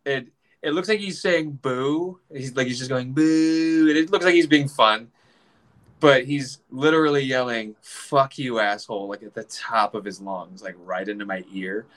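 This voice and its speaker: A man in his forties telling a casual story, animated, swearing freely and acting out other people's voices. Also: medium pitch, moderate pace.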